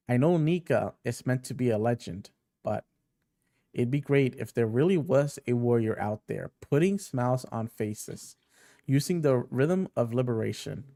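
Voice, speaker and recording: A man voicing a huge, gentle male warrior, reading his lines aloud softly and earnestly from a comic. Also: medium pitch, vocal fry, no echo, clean studio sound.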